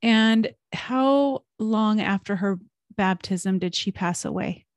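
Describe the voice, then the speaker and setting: A woman interviewer asking gentle, probing questions. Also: medium pitch, slow, no room sound.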